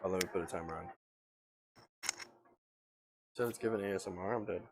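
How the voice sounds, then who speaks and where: A man's voice: deep voice, rapid-fire, a little hiss or hum. Young man joking on a livestream. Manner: loose, joking, slangy. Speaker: streamer. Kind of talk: casual livestream chat.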